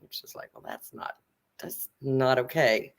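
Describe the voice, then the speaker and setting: A middle-aged woman hosting a casual chat, telling a story in an animated way, acting out quotes and swearing freely. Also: a bass voice, a little slow, vocal fry. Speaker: host.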